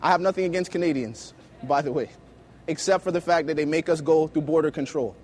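A man preaching a sermon, telling lively personal stories and acting out the dialogue. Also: on the high side, brisk. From United States. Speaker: youth preacher.

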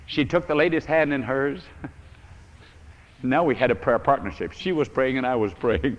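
A man's voice: mid-range voice, moderate pace. A man preaching a sermon to a congregation, telling stories and acting out the prayers of people he met. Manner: storytelling, acts out prayers, earnest. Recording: dull old recording in a reverberant hall.

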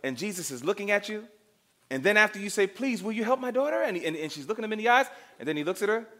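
Animated high-voiced preacher. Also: male voice, fast. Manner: dramatic, asks the congregation questions, acts out scenes. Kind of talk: sermon.

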